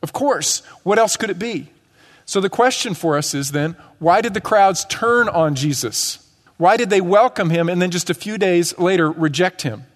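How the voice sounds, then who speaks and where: A man preaches from the pulpit, his voice sitting a little high for a man. He teaches conversationally and slips into quick acted-out lines. The sound carries a long church-hall reverb. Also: lively intonation. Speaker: pastor. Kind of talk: sermon. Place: church sanctuary.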